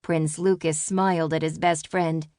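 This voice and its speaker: A woman narrating a children's audiobook in a calm, measured way. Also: low voice, dry recording, studio quality.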